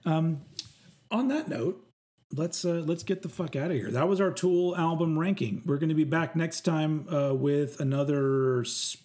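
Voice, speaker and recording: A man's voice: on the high side, normal speed, darkish tone. A man from Texas co-hosting a music podcast, rambling in casual chat, swearing freely and restarting his sentences. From Texas, USA. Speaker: podcast co-host.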